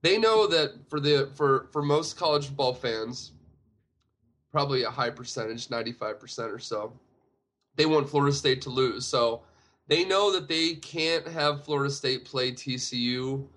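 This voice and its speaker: A man's voice: medium pitch, normal speed, fairly bright tone. Rambling man co-hosting a sports podcast. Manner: rambling, many fillers. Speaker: podcast co-host. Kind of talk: casual sports chat.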